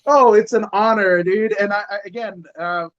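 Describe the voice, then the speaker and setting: A man's voice: high-pitched, fairly even intonation, moderate pace, fairly bright tone, dry recording. A man rambles through casual podcast chat, swearing at every turn and tripping over his own restarts. His voice comes through a lo-fi, muffled stream connection. It sounds dry, with no room behind it. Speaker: guest. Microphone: home mic over streaming software.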